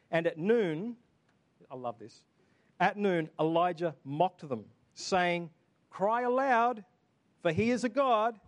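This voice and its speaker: Higher-voiced man preaching a sermon. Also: darkish tone. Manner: reads scripture then explains it in casual asides. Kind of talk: sermon with scripture reading.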